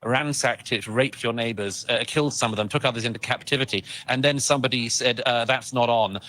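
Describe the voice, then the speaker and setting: Brisk, emphatic man. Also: medium pitch, fairly even intonation, bright, forceful tone. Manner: articulate, emphatic, repeats words as he builds a point. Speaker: commentator interviewed on TV. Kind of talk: televised interview, political commentary.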